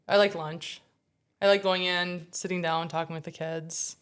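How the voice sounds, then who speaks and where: A woman's voice: fairly low pitch, fairly even intonation, normal speed, a bit bright. A woman police officer from Wisconsin with a Wisconsin accent, chatting casually on a podcast and laughing easily. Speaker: school resource officer.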